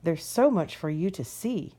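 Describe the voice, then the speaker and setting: A woman's voice: fairly low pitch, expressive, measured pace, mellow. A woman voicing a kind, helpful male butterfly in a storybook, speaking in a cheerful, welcoming way. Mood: friendly.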